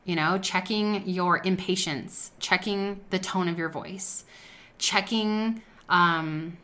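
A woman's voice: on the low side, takes it slowly, pushed and bright. A woman hosting a faith-based business talk, speaking earnestly and conversationally and sharing personal stories. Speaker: podcast host.

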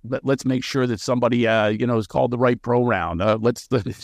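Sarcastic, animated man in conversation. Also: mid-range voice, a little fast, dry recording, studio quality. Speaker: guest. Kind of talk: podcast interview conversation.

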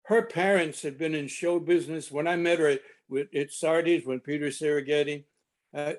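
A man's voice: on the high side, steady tone, normal speed. An older man in a casual panel chat, telling a rambling anecdote with many restarts. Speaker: panel guest reminiscing. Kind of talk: casual storytelling.

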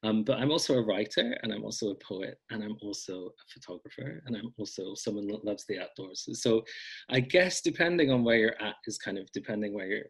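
A man's voice: fairly low pitch, animated, brisk, gravelly, breathy edge, poor audio. A man chatting as a podcast guest, rambling and self-deprecating with lots of ums. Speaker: podcast guest, folk magic blogger. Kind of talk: casual interview chat.

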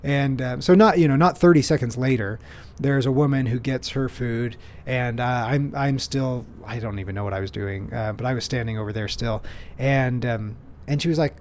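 Speaking at a normal speed in a medium-pitched voice, a podcast host rambles through casual solo storytelling. He restarts often and pokes fun at himself playfully, and there's a little hiss or hum on the recording.

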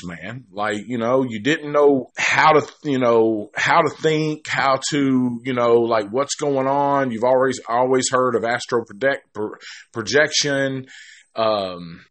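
A man's voice: mid-range voice, a bit bright. Man, casual movie review, rambling, profane, lots of restarts, mid-range voice. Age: adult.

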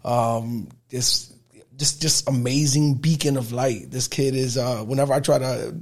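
Casting: young New man, gravelly voice, animated storyteller, casual podcast guest. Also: medium pitch, measured pace. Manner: animated storyteller, acts out quotes loudly.

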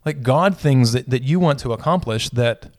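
A man's voice: mid-range voice, normal speed, a little mellow, no room sound, clean studio sound. A man who is a pastor, in a casual conversation about faith, thinking aloud and often correcting himself.

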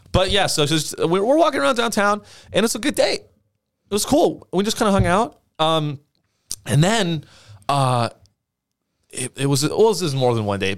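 A young man co-hosting a podcast, telling a story in casual, animated talk with lots of swearing and acted-out quotes. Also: medium pitch, no room sound, clean studio sound. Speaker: podcast co-host.

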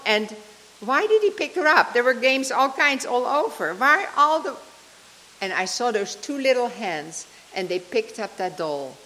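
An older woman telling a heartfelt personal story in a sermon and leading a prayer. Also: medium pitch. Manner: emotional storytelling, ending in soft prayer. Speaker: speaker giving a devotional talk. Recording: long reverb of a large hall.

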